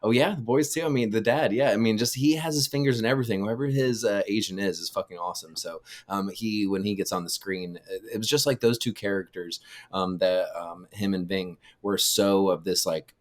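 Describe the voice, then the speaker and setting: A man co-hosting a casual film review podcast, relaxed and trailing off, with joking asides. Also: fairly low pitch, fairly quick, hardly any pauses. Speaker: podcast co-host.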